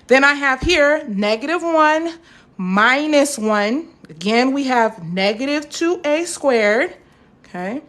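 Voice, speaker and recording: Chatty high-voiced woman teaching math. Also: expressive, takes it slowly, fairly bright tone. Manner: chatty, encouraging, answers viewer comments. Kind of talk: live-streamed math lesson.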